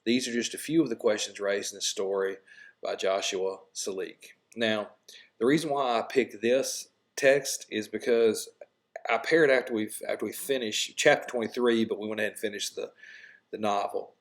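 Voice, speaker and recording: Male English teacher, informal explainer, low gravelly voice, recorded lesson. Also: steady tone, moderate pace. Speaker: high school English teacher. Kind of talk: recorded lesson, reading a story aloud.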